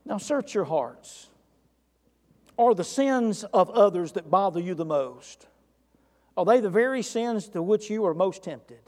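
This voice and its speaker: A man with a notably high speaking voice delivers an earnest sermon as pastor. He leans into direct questions to the congregation, and his words ring out with a long reverb tail from a large church room. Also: lively intonation, measured pace, a little mellow.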